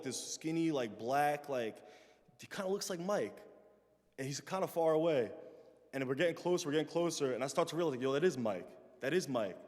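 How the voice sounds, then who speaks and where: Speaking as a guest in a large chapel with long reverb, a young man whose voice sits on the high side tells a personal story. He performs the voices of the people he quotes with lively energy and grows quiet and soft in his reflective moments.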